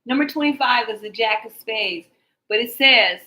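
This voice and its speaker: A woman giving a casual tarot reading, animated and joking, laughing often as she talks. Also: on the high side, normal speed, echoey room, low-quality recording. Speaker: tarot card reader.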